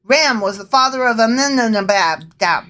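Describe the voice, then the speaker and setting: A woman co-hosting a podcast in easy casual chat. Her voice sits a little high. She is playful and swears freely, and she throws in dramatic asides while reading scripture aloud. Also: expressive, measured pace, a bit bright. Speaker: podcast co-host.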